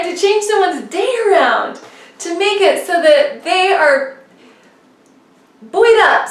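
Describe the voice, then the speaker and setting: A woman in her thirties telling a personal story in a casual, animated way, full of "like" and "you know". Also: sits high, roomy sound, distant mic. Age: 30s. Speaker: motivational vlogger.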